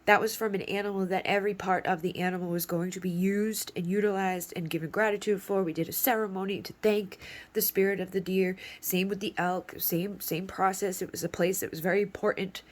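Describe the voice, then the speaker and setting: A woman's voice: mid-range voice, fairly even intonation, fairly quick. Woman, tarot reader, casual reading, rambling, profane, playful.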